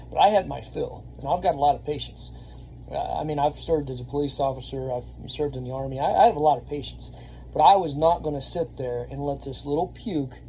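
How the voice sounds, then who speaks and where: Man, 30s, casual storytelling, rambling, gravelly. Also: fairly high pitch, a little hiss or hum. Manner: rambling, animated, laughs often, shouts when reenacting. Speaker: vlogger and Army veteran.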